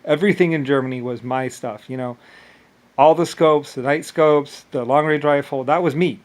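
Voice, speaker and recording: A man's voice: on the high side, steady tone, normal speed. A man talking in a rambling first-person monologue, full of filler words and stammering restarts. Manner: loose filler-heavy speech.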